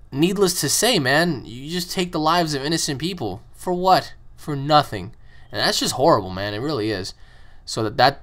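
On his own channel, a man with a medium-pitched, slightly bright voice answers fan questions. His casual, opinionated monologue rambles, swears freely, and repeats words often.

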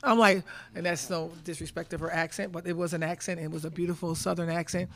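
A woman's voice: fairly low pitch, flat delivery, fast talker. A woman in her fifties, a head basketball coach answering press conference questions, telling stories emphatically and repeating words as she thinks.

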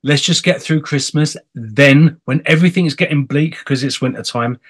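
An English man hosting an interview show in a casual, chatty way, animated and playful. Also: fairly high pitch, moderate pace, slightly rough. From England. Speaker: host. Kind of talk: casual chat.

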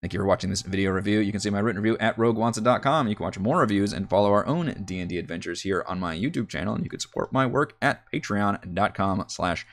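A man's voice: lowish voice, fast talker, hardly any pauses. A man giving a casual, enthusiastic spoken review of a tabletop game book, chatty and full of fillers.

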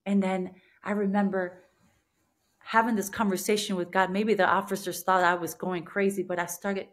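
A woman's voice: mid-range voice, flat delivery, moderate pace. Earnest woman sharing a faith testimony. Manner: earnest, emotional, frequent restarts. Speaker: podcast guest.

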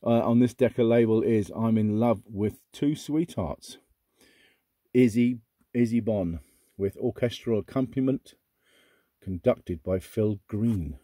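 Husky, mellow-voiced man chatting to camera. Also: on the low side, takes it slowly, long pauses, no echo. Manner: chatty, rambling, thinks aloud, bursts into excitement. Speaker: record collector host. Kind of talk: casual unboxing chat.

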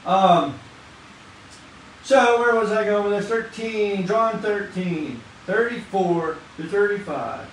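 A man preaching an informal sermon in a fast, excited, conversational way, with casual slang. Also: high-pitched. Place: church hall. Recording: echoey room from far off, faint noise.

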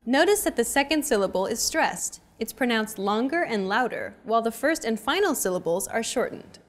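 This woman's voice sits on the high side, lively and at a moderate pace. She leads a language lesson from a script, urging learners along with quick, upbeat teacher-style prompts.

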